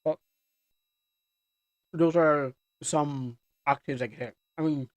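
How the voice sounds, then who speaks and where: A man's voice: on the high side, fairly even intonation, slow, no echo. A man who grew up in Canada, chatting casually on a livestream, rambling and self-deprecating with many restarts. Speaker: streamer. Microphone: desk microphone with headphones.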